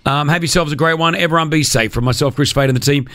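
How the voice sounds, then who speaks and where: A man hosting a breakfast radio show in a studio, telling stories in an animated, jokey way. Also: a little high, quick pace, no room sound. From Australia. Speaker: radio host.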